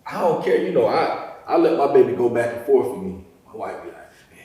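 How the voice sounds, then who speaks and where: A man's voice: medium pitch, a little fast. Laid-back man, echoey room, far mic. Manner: relaxed, rambling, frequent "bro" and "you know". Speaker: podcast host. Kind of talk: casual conversation. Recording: roomy echo, mic at a distance.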